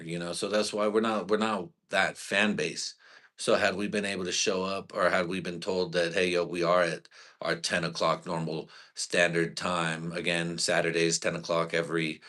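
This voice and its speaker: A man with a very low, deep voice talks loosely on a live stream about his comedy night. He rambles through profane stories full of street slang and keeps checking in with "you know". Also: fairly bright tone. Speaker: stand-up comedian and show host. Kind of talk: casual live-stream chat.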